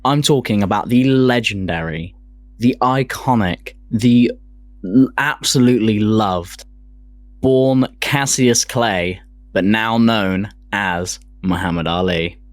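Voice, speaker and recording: A man's voice: fairly low pitch, a little slow, dry recording. A man co-hosting a casual podcast, reading from notes, swearing casually and laughing at himself. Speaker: podcast co-host presenting a segment.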